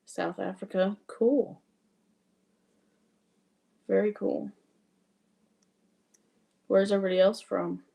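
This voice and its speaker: On her cross-stitch livestream, a Wyoming woman answers viewer comments in casual conversation, her accent a mix of Wyoming and Southern Louisiana. She speaks slowly at a medium pitch with fairly even intonation, vocal fry, frequent pauses, and a mellow quality.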